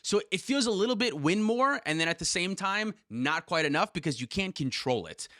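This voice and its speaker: A man co-hosting a podcast in casual chat, quick and animated, swearing freely. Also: high-pitched, no room sound, clean studio sound. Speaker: podcast co-host. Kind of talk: casual chat about card games.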